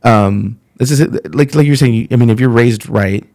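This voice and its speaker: A man's voice: mid-range voice, moderate pace, creaky, a little mellow. A middle-aged man, a comedian guest on a podcast, telling blunt, profane, rambling stories in casual chat.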